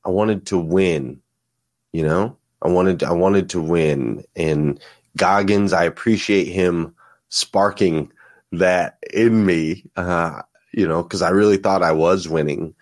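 Low-voiced earnest male podcast guest. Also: slow pace, no room sound, clean studio sound. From United States. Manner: earnest, reflective, repeats words as he thinks. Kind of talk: casual conversation.

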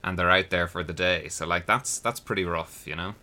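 Bright-toned man hosting a chat. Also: low voice, fairly even intonation, fairly quick. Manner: chatty, quizzing his co-hosts. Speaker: podcast host. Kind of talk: casual chat.

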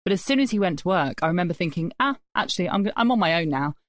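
A woman's voice: on the low side, animated, very fast, no room sound. A woman, co-hosting a casual podcast and chatting sympathetically about new parenthood. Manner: sympathetic, chatty, drops quieter when reflecting. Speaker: podcast co-host. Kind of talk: casual chat.

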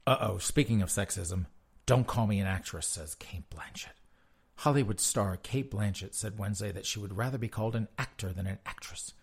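Low, gravelly, sarcastic male commentator. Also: a little fast. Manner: mocking asides between read-out passages. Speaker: commentator reading news articles.

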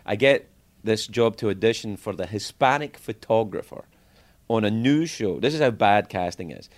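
A man's voice: lowish voice, moderate pace. A middle-aged man, a podcast guest, telling casual, profane stories and acting out the people he quotes. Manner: animated, profane anecdotes with lively acted-out quotes. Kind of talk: casual storytelling.

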